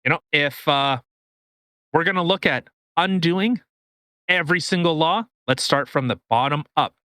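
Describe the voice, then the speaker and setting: A man's voice: fairly high pitch, moderate pace, clear, resonant tone, no room sound, clean studio sound. A man co-hosting a podcast, ranting casually and profanely with many restarts. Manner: animated, profane, rambling with restarts. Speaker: podcast co-host. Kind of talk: casual political rant.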